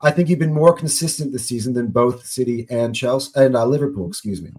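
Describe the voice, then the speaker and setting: A man's voice: medium pitch, quick pace, a little mellow. A man on a football podcast panel, earnest and conceding points. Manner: earnest, conceding, lists players. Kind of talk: casual football debate.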